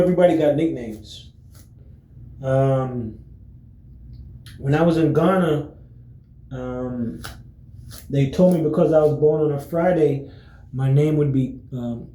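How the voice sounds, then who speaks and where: A man talking casually to his viewers in a relaxed, rambling way, full of fillers and restarts. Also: a little high, echoey room, rough recording. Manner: relaxed, friendly greetings. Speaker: vlogger. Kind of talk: casual chat to camera.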